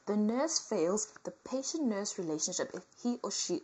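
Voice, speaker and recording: A woman reading a nursing workbook aloud as comedy, with theatrical asides that swing between whispers and loud outbursts. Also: medium pitch, expressive, normal speed, slight background noise, poor audio.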